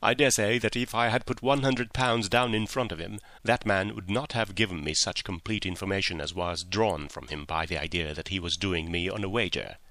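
A man's voice: low-pitched, normal speed, hardly any pauses, fairly bright tone, no room sound. A man voicing a confident, coolly bland detective in a story reading. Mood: assured. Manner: bland, assured.

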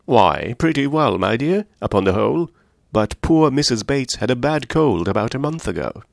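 A man voicing a fretful elderly gentleman who fusses anxiously over health. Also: mid-range voice, very animated, moderate pace, vocal fry, dry recording, clean studio sound, voice pushed up. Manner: anxious, fussing, gently scolding.

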